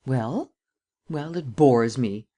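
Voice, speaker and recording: A cunning gentleman thief, read by the man narrating the audiobook talks calmly and drily. He is measured and self-assured, never hurried. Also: medium pitch. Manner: calm, measured, drily ironic. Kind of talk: audiobook reading.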